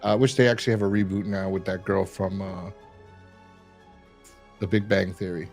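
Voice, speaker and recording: A man's voice: low voice, steady tone, normal speed, vocal fry, darkish tone, soft background music. A man hosting a review podcast, chatting casually and rambling with lots of fillers. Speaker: podcast host reviewing a horror episode. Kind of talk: casual chat.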